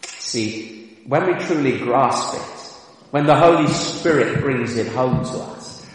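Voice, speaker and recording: A man preaching a sermon, animated and rising to exclamations, recorded in a large church hall. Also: medium pitch, slow pace, a little hiss or hum. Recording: echoey hall from a distance.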